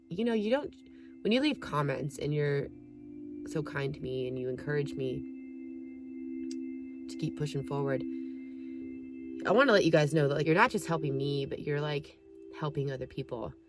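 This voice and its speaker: A woman speaks straight to her viewers in a casual, heartfelt vlog, her voice low and a little out of breath. She rambles gently, filling gaps with "like" and "you know". Soft music sits faintly behind her. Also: normal speed, long pauses. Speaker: vlogger.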